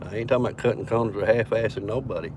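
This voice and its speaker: A man's voice: lowish voice, very fast. A man telling a rambling, profane story to his phone camera, quoting others as he goes. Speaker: vlogger. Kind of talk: casual storytelling vlog. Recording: noisy phone recording near traffic.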